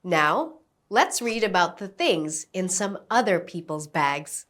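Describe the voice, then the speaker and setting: A woman teaching an English lesson, giving slow, carefully enunciated instructions and modelling words for repetition. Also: fairly low pitch, expressive, a bit bright. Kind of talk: slow, clear classroom instruction.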